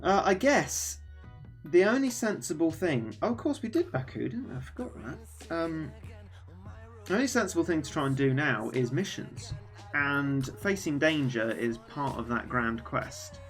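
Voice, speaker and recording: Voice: medium pitch, expressive, moderate pace, faint music behind. A streamer chatting casually and rambling while playing a game and reading chat aloud.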